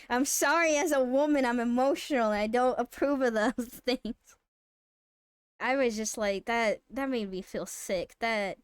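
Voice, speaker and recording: A woman streamer telling a story in casual live-stream chat, animated and swearing freely. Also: medium pitch, clear, resonant tone, no echo, clean studio sound.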